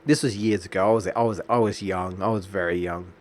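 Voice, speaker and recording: A young man talking loosely over a game stream, his voice sitting on the lower side. He drifts into a long anecdote, circling back with fillers and restarts. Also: fairly even intonation, fairly quick, darkish tone, a little hiss or hum. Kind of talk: casual gameplay commentary.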